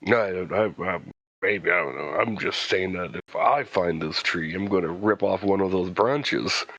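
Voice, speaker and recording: A man's voice: deep voice, normal speed, fairly bright tone, no echo. A man speaking earnestly in character at a tabletop role-playing game. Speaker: player.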